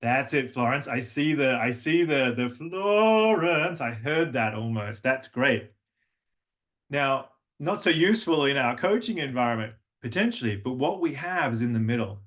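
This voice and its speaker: A man's voice: mid-range voice, expressive, moderate pace. Coaching man with a lightly Australian voice. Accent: neutral, slight Australian. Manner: demonstrative, warm teacher who sings examples. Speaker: voice and language coach. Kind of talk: workshop teaching with vocal demonstrations.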